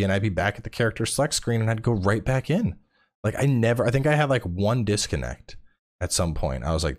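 Tired deep-voiced man telling lively stories. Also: quick pace. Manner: animated storyteller, swears freely. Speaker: podcast guest. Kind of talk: casual chat.

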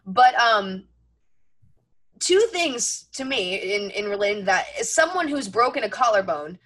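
A woman's voice: medium pitch, big pitch swings, measured pace, a bit bright. A woman in her twenties co-hosting a racing talk show, chatty and self-mocking, with frequent restarts. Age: 20s. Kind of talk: casual sports chat.

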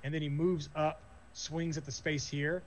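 A man's voice: fairly high pitch, level tone, normal speed, a little hiss or hum. A man narrating as game master, casual and full of fillers. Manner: loose, filler-heavy narration.

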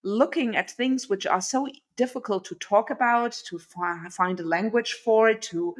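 A woman's voice: mid-range voice, measured pace. A woman hosting a conversation, framing a question thoughtfully with hesitations and fillers. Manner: hesitant, with many fillers and restarts. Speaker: host.

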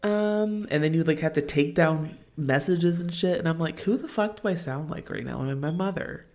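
A woman's voice: low voice, brisk, a little mellow. A woman in her late twenties co-hosting a podcast, chatting casually with many fillers and easy laughs. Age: late 20s. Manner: rambling, filler-heavy, laughs easily. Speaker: podcast co-host. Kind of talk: casual chat.

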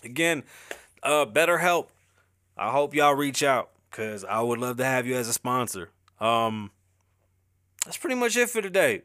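A man's voice: mid-range voice, a little slow. A man hosting his own show alone, talking casually in street slang with lots of swearing and frequent laughter. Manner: profane, animated street slang, laughs often. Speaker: podcast host. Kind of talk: solo casual monologue.

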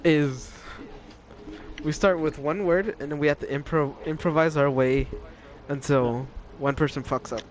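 A man's voice: fairly high pitch, fairly even intonation. A young man hosting a casual podcast, teasing the others and laughing easily as he jokes around. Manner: teasing, laughing, quick to joke. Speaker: podcast host. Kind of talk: casual chat.

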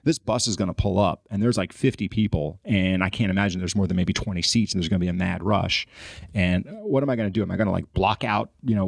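Fast-talking gravelly man telling a story. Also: sits low, dry recording, studio quality. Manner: animated storyteller, acts out his own frustration. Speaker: podcast guest. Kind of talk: storytelling in casual podcast chat.

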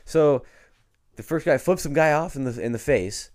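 A young man co-hosting a podcast, telling a story in a laid-back, slangy way that gets animated. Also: on the high side, moderate pace. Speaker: podcast co-host. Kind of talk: casual chat, storytelling. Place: home podcast studio.

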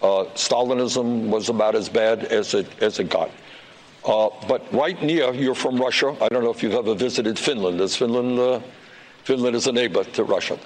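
A man giving a speech to a crowd, played back as a clip, measured and earnest with some fillers. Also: medium pitch, poor audio. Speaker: speaker addressing a crowd.

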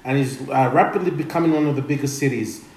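A man hosting a casual podcast chat, laid-back and chatty, giving shout-outs. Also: medium pitch, quick pace. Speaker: podcast host. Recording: roomy room with faint noise.

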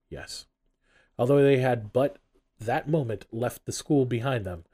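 Mellow-voiced male storyteller. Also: on the low side. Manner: expressive storytelling. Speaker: narrator. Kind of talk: audiobook narration.

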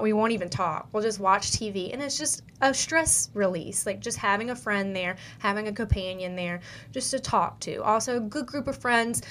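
A woman's voice: medium pitch, fairly bright tone, a little hiss or hum. Chatty young woman with a country accent. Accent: Southern US country. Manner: chatty, upbeat, heavy with "like" and "you know". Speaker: podcast host. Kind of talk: casual advice monologue.

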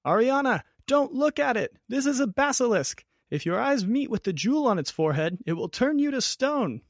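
A man voicing an excitable, fond wizard who gives urgent, rising warnings. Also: medium pitch, brisk, dry recording, studio quality, natural voice. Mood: alarmed.

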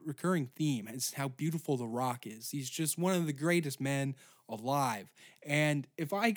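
A man from Canada hosting a comedy podcast, rambling through a crude, absurd monologue. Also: medium pitch. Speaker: podcast host.

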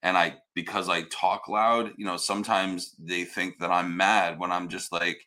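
A man with a low, bright and forceful voice chats casually about family life. He is loud and blunt, swears often, and stumbles through restarts as he talks. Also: little pitch movement, moderate pace. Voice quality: hard of hearing. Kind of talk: casual chat.

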